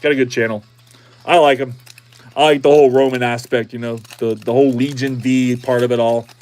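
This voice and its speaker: A man's voice: medium pitch, flat delivery, brisk, a little mellow, a little hiss or hum. A middle-aged man chatting casually on a livestream as he opens card packs, repeating himself and cheering on each card. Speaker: streamer opening card packs.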